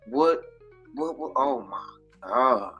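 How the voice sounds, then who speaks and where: A male co-host reacting with drawn-out, mock-shocked exclamations. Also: mid-range voice, expressive, fairly bright tone, slightly rough, muffled recording, soft background music. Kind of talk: reaction commentary.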